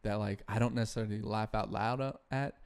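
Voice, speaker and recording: A young man on a podcast, talking casually with a gravelly, fry-edged voice that sits fairly low. He rambles through his thoughts with plenty of fillers and swearing. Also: fairly even intonation, fast, a little mellow. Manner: profane, rambling, many fillers. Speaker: podcast guest. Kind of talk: casual chat.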